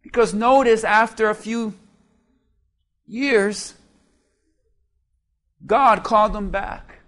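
In a church sanctuary, a male pastor preaches a sermon, joking with the congregation and leading call-and-response. His voice sits high and sounds a bit bright, and he speaks slowly.

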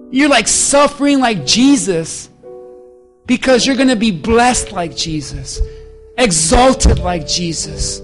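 A man preaching a sermon as pastor, emphatic, with loud calls and hushed stretches. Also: sits high, animated, slow pace, faint music behind.

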